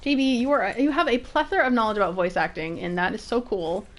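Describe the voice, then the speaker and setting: A woman with an alto voice, chatting excitably and giggling as she streams herself playing a video game. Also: fairly high pitch, fast. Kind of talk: casual let's-play commentary. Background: game music.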